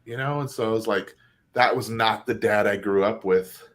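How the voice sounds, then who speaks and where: Earnest low-voiced man sharing stories. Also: normal speed, fairly bright tone. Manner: earnest, emotional storytelling with many fillers. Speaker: co-host. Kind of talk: casual chat.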